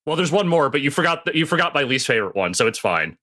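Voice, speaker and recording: A man co-hosts a live stream in teasing, upbeat casual chat. His voice is bright and swings lively in pitch. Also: quick pace. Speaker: stream co-host.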